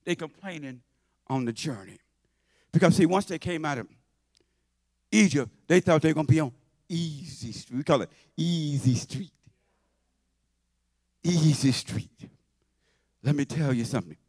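A man preaching a sermon in church, folksy and conversational, swinging from shouts to low asides. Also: a little slow, pauses often, no room sound, studio quality. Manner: shouting and half-singing at high points, then dropping to low asides; conversational, folksy, with repetitions and laughter.

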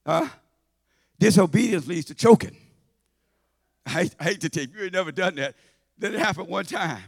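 A man preaching a sermon in church, folksy and conversational, swinging from shouts to low asides. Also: expressive, normal speed, gravelly, no echo, studio quality. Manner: shouting and half-singing at high points, then dropping to low asides; conversational, folksy, with repetitions and laughter.

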